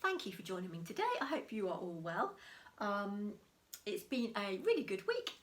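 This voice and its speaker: A woman's voice: mid-range voice, sing-song, normal speed. Woman, middle-aged, casual crafting chat, ums and little laughs. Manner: chatty, self-deprecating, frequent ums and soft laughs. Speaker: craft channel host.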